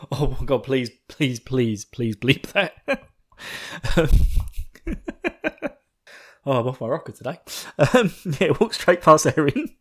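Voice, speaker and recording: Rambling, swearing male podcast host. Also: medium pitch. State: buzzing on coffee. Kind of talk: casual episode recap.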